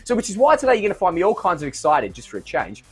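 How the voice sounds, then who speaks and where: A man's voice: high voice, huge pitch swings, very fast, husky. A man hosting an online show in a playful, theatrical, jokey way. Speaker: host.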